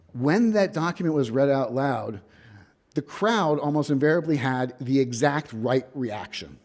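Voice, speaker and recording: A man lecturing in a hall as a visiting professor, his voice mellow and warm in tone. He talks through history like a story, leaning on key words and slipping in dry, wry asides. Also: mid-range voice. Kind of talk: academic lecture.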